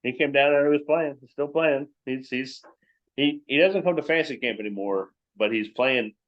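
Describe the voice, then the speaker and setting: A man talking as a guest in a casual interview, easygoing and quick to laugh. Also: medium pitch. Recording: dull lo-fi sound.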